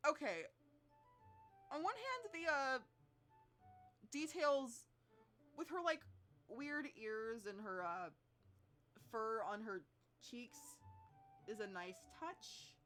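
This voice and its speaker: A woman's voice: on the high side, animated, slow pace, long pauses, fairly bright tone, soft background music. A woman streaming a visual novel, reacting and joking in live commentary.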